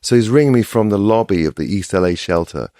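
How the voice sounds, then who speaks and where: A man's voice: fairly low pitch, expressive, quick pace, mellow, no echo, clean studio sound. A middle-aged man who is a guest on a podcast, telling a rambling, casual story full of restarts. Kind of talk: casual chat.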